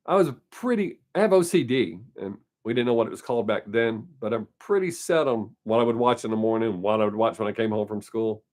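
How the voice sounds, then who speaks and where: With a fairly low, darkish voice, this man talks briskly and animatedly, barely pausing, on his weekly live stream. He casually fields viewer comments in a rambling, opinionated way and laughs a lot.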